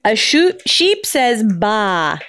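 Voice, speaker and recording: Mom reading a baby book super slow, high singsongy voice, doing moos and oinks. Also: female voice, big pitch swings, fairly bright tone. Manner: slow sing-song baby talk, imitating animal sounds. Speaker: mother.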